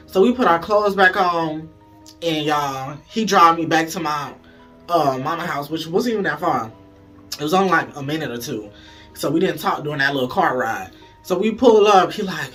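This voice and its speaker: A man telling a story to his viewers in a casual, animated way, swearing a lot and calling them y'all. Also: fairly high pitch, normal speed, soft background music. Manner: animated, profane, keeps addressing the audience as y'all. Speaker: storytime vlogger.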